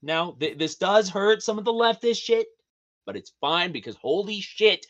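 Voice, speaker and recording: Animated, profane man chatting on a podcast. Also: sits high, moderate pace, highs cut off, background noise. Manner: animated, profane, laughs often. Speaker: podcast guest. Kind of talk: casual podcast chat.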